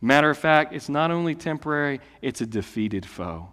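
A man in his late thirties, a pastor preaching a sermon in a conversational way that swings between loud declarations and hushed asides. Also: fairly high pitch, lively intonation, normal speed. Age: late 30s. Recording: long hall reverb.

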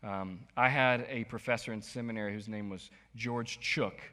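A man preaching a sermon as pastor, animated, swinging between soft asides and sudden loud bursts. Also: fairly low pitch, moderate pace. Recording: long hall reverb.

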